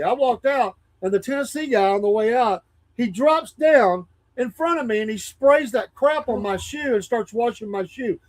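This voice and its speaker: An older man with a high voice, telling stories on a talk show. He talks animatedly, his voice climbing when he gets riled up. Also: expressive, normal speed, poor audio. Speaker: co-host. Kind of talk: casual chat.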